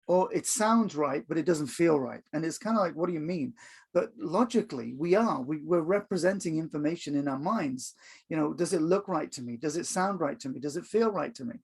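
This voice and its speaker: A man's voice: fairly high pitch, expressive, fairly quick, vocal fry, slightly rough. A man coaching on workplace communication in an online video lesson, talking conversationally with plenty of fillers and acting out little dialogue examples.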